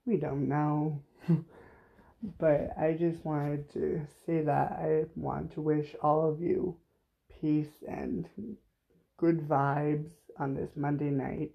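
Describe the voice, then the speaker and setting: Slow, gravelly man close to tears. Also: fairly high pitch, flat delivery, muffled recording. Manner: halting, many fillers, emotional and apologetic. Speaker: podcast host. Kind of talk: unplanned solo podcast talk.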